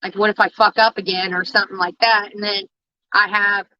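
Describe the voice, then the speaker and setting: A woman's voice: mid-range voice, level tone, sharp tone, no room sound. A woman on her own livestream, talking candidly and emotionally to viewers, swearing often and stopping to restart her sentences. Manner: raw, emotional, swears constantly, halting restarts. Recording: dull, dry home stream audio.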